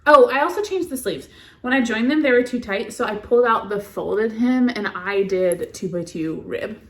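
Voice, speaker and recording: A woman's voice: a little high, normal speed, a bit bright. A woman co-hosting a podcast, chatting casually and rambling about her knitting, often laughing. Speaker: podcast co-host. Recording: echoey room.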